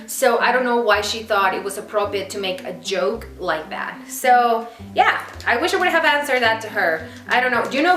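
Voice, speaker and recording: A young woman vlogs to camera in chatty, exasperated talk full of fillers. Her voice is bright and a little high. The room echoes, with faint music underneath. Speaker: vlogger. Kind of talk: casual chat to camera.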